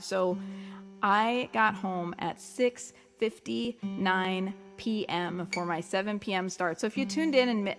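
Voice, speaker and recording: A woman's voice: medium pitch, normal speed, a bit bright, faint music behind. A woman with a Long Island accent, a musician chatting casually and jokingly on her livestream while reading out viewer comments. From Long Island, New York.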